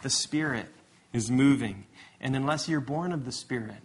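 A pastor giving a sermon in a relaxed, conversational way, often restarting his sentences and correcting himself as he tells stories. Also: mid-range voice, normal speed, breathy edge.

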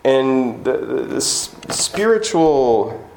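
A man's voice: mid-range voice, big pitch swings, takes it slowly, gravelly, a little mellow, slight background noise. A man preaching a sermon as pastor in a church, emphatic and repetitive, with joking asides. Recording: echoey church room.

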